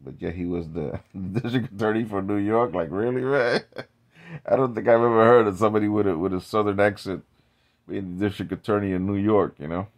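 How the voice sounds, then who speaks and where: A man's voice: fairly low pitch, brisk. A man vlogging in a rambling casual monologue, drifting into tangents and restarting his sentences.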